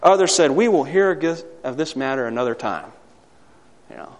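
A man preaching a sermon to a congregation, swinging from loud emphatic peaks to quiet asides and asking the listeners for amens. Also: medium pitch, very animated, normal speed. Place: hall or church. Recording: long hall reverb.

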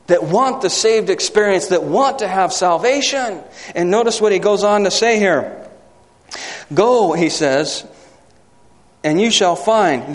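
A male pastor delivers a sermon, reading scripture and putting questions to his listeners. His voice sits a little high for a man. The sound rings with the long reverb of a church hall. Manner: preaching with rhetorical questions to the congregation.

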